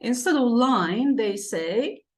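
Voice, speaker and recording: Slow, lively-pitched woman teaching English. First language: Turkish. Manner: patient, repeats key words, asks "okay?" and "right?" often. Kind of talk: classroom-style explanation.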